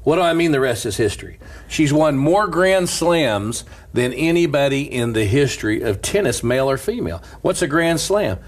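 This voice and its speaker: A man who is a pastor, telling stories in an animated casual chat and laughing through them. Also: medium pitch, normal speed.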